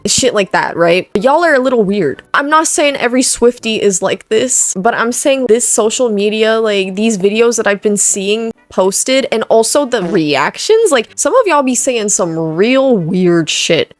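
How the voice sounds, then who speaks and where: A woman's voice: fairly high pitch, expressive, unhurried, dry recording. A young woman hosting a reaction video, talking casually in a blunt, sarcastic way and swearing freely.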